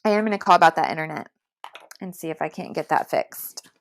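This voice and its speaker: Gravelly-voiced woman doing a chatty reassuring reading on a live stream, laughs a lot, computer mic. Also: deep voice, fast, a little hiss or hum. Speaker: tarot reader on a livestream. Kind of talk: casual livestream reading.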